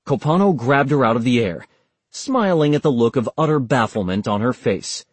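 Male audiobook narrator, husky and dry, steady measured read. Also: mid-range voice, no room sound. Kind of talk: scripted narration.

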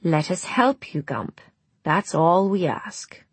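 A woman voicing a fussing, kindly village woman who gently teases. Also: on the low side, lively intonation, takes it slowly, slightly rough, no echo, full character voice.

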